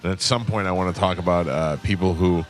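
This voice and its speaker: A man's voice: low voice, steady tone, fast, soft background music. A man hosting a morning radio show in casual banter, blunt and opinionated, grumbling and mocking people. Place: radio studio.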